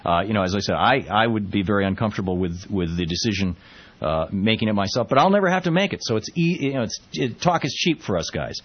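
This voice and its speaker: A man's voice: on the low side, animated, quick pace. Talk radio host stammering through his point. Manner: conversational, with frequent restarts. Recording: muffled lo-fi radio broadcast.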